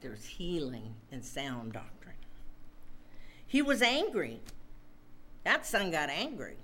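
A woman's voice: deep voice, wildly swooping pitch, slow pace, sharp tone, slight background noise. A woman preaching a sermon, drawing out her words for emphasis and turning to her listeners with asides.

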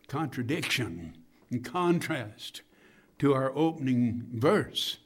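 Male preacher, measured sermon delivery, unhurried, numbered points stressed. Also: medium pitch, slightly rough. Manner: slow, deliberate preaching with emphatic rises on numbered points.

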